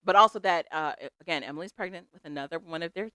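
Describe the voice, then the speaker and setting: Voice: medium pitch, fast, bright, forceful tone, dry recording, studio quality. A podcast co-host recapping a show in casual chat, analytical and amused. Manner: analytical, amused, laughs often.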